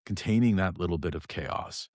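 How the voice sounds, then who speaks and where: A man hosting a podcast, speaking in a calm, measured way as he sums up and prompts his guest. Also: deep voice, no echo, studio quality. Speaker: podcast host. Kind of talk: casual conversation.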